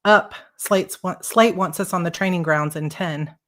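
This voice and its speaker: A woman's voice: sits low, lively intonation, fast. A woman voicing a brash, teasing young woman roommate in a live book reading.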